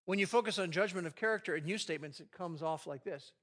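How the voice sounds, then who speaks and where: Bright, animated preacher man. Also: high voice, fast, hardly any pauses. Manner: animated, acts out quoted arguments. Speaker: pastor leading a marriage session. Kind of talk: sermon.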